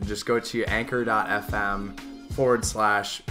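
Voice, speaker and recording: A man with a Chicago accent co-hosts a podcast and makes a quick, promotional plug. His voice sits low. Guitar music plays clearly behind him. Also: little pitch movement, sharp tone. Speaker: podcast co-host. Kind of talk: casual podcast chat.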